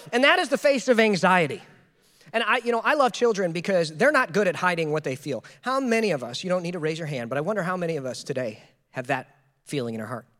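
Guy pastor in his 30s preaching, high voice, chatty and animated, big echoey church sound. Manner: animated, conversational, rhetorical questions. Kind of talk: sermon. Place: church hall. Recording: reverberant church hall.

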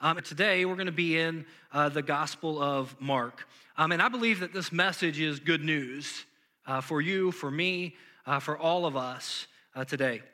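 A man's voice: a little high, moderate pace, sharp tone. A young man, a pastor, preaching a sermon in a casual, conversational way, full of fillers and asides.

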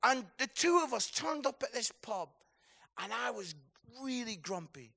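A man delivers a conference sermon with a gravelly, creaky edge to his voice. He speaks slowly and deliberately, letting stories unfold before rising into passionate exhortation. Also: very high-pitched, big pitch swings, bright, forceful tone. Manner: storytelling, building to passionate exhortation. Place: conference hall.

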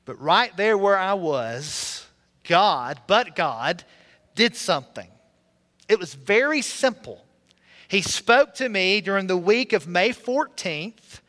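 In a church sanctuary with hall reverb, a pastor from Alabama preaches slowly in a high, somewhat bright voice with lively intonation. He shares his own story earnestly, now and then breaking into song.

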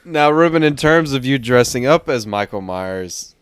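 A young man from Texas hosting a casual podcast chat, telling animated stories and swearing freely. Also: medium pitch, normal speed, a little hiss or hum. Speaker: podcast host.

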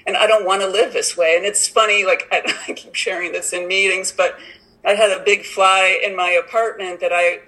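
A woman's voice: medium pitch, steady tone, moderate pace, pushed and bright, low-quality recording. A woman sharing at an online recovery meeting in a rambling, casual way, full of "like" and "you know". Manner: rambling, many "like" and "you know" fillers, laughs often.

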